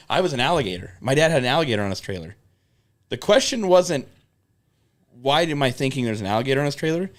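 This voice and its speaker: Road stories come from this young podcast co-host, told briskly in a mid-range voice with frequent pauses. It's casual talk full of free cursing, and he acts out what people said with lively energy.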